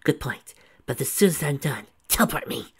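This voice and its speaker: A man's voice: mid-range voice, animated, moderate pace, creaky, breathy edge, pitched above the performer's own voice, full character voice. Man putting on a whispery teasing young woman. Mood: urgent. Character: young adult female, affectionate, teasing.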